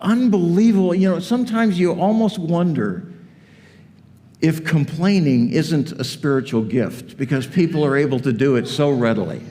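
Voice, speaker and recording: A male pastor preaching a sermon in an animated, conversational way with joking asides, in a church auditorium. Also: a little high, normal speed. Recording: long reverb of a church hall.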